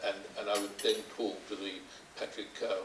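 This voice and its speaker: A man's voice: lowish voice, little pitch movement, a little fast. Older male moderator, anecdotal and chuckly, roomy distant sound with faint hiss. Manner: chuckling storyteller, hesitant restarts. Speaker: panel moderator. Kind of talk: anecdotal panel talk. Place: conference hall.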